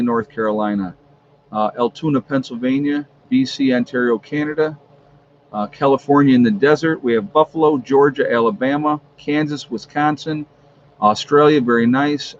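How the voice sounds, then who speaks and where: Guy rambling on his home livestream, reading off where everyone's from, kinda dull sound with a little hiss. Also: mid-range voice. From New York. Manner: rambling, reads out viewer locations. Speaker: livestream host. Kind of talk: casual livestream chat. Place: at home with a fan running.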